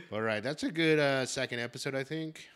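A young man hosting a casual podcast, telling a story in a profane, animated way. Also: medium pitch, brisk, smooth. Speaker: podcast host.

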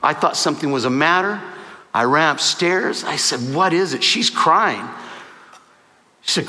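High, bright-voiced man preaching. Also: expressive, a little slow, pauses often. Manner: emotional storytelling, quoting dialogue. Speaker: pastor. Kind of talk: sermon testimony. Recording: hall reverb.

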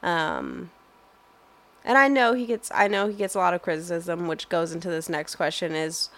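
A woman's voice: lowish voice, very animated, moderate pace, a bit bright. A young woman answering interview questions in a thoughtful, hesitant way, full of fillers and restarts.

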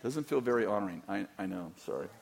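Animated and speaking fast, the middle-aged pastor has a fairly low voice with vocal fry. He answers the church's questions candidly, rambling, poking fun, and repeatedly starting his thoughts over.

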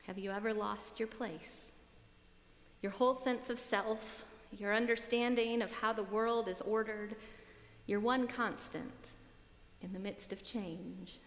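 A woman's voice: mid-range voice, fairly even intonation, slow. A woman delivers a reflective sermon, circling back to one refrain as she speaks. Her voice sits in the middle of the range for a woman. She is recorded in a large hall, and her words ring out with a long, roomy reverb.

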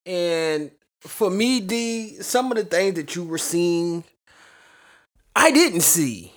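A man's voice: high-pitched, very animated, takes it slowly. A man co-hosting a sports talk show who works through his points methodically, ticking them off one by one. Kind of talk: measured sports opinion.

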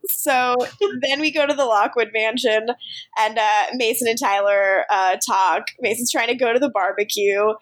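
A woman's voice: a little high, normal speed, a bit bright. A woman co-hosting a podcast, animatedly recapping episodes in casual chat and laughing often. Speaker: podcast co-host.

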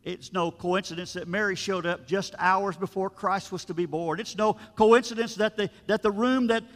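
A man's voice: sits high, fairly even intonation, normal speed. A man, a pastor, giving a sermon in a storytelling, conversational way, with asides to his listeners. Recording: long reverb of a large room.

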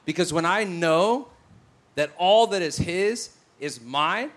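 A high-voiced male preacher tells stories slowly during a sermon, bringing them to life animatedly by acting out the people's voices.

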